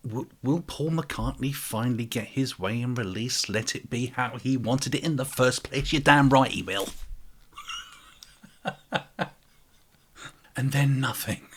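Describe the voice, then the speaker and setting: A man's voice: medium pitch, breathy edge. Sarcastic man, mock-dramatic. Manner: mock-dramatic, shifts into whispered asides; sarcastic, addresses listener directly. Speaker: channel host. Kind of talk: sarcastic open-letter monologue.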